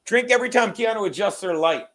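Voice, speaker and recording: A man's voice: sits high, lively intonation, fast, a bit bright. A man co-hosting a podcast, talking in a crude, rambling, joking way. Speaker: podcast co-host. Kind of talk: casual podcast chat.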